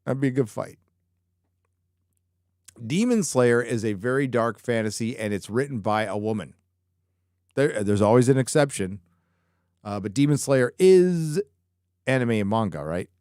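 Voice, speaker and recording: A man's voice: mid-range voice, expressive, measured pace, long pauses, darkish tone, clear, resonant tone, no room sound, studio quality. A man hosting a live show, chatting casually and rambling through viewer questions with lots of swearing and jokes. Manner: profane, rambling, joking. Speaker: live show host answering viewer chat. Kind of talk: casual live-stream chat.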